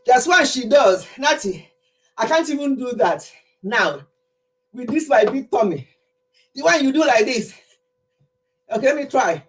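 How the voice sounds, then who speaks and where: A woman's voice: sits high, animated, measured pace, long pauses. A middle-aged Nigerian woman chatting casually with her livestream viewers, laughing often as she tells stories. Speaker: livestream host.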